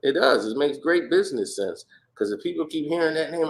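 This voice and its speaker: A man's voice: on the high side, expressive, a little fast, gravelly. A man in casual podcast chat, telling stories animatedly, acting out quotes and laughing often. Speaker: podcast guest.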